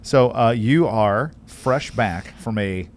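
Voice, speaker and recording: A man's voice: on the low side, slow pace, a little hiss or hum. A man co-hosting a podcast in casual chat, playful and teasing, often joking around. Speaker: podcast co-host.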